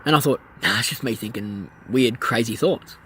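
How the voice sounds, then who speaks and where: A man telling a personal story in a casual vlog, animated and acting out the voices of people in it. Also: mid-range voice, moderate pace, a little hiss or hum. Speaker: vlogger, pilot.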